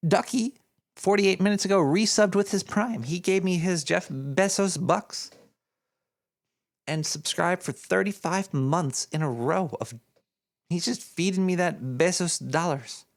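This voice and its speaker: Speaking unhurriedly in a high, gravelly voice, a man plays a paranoid male cartoon rat who runs a radio show. As host, he reads donations aloud in rambling live-stream chatter, scatterbrained and full of jokes on the side.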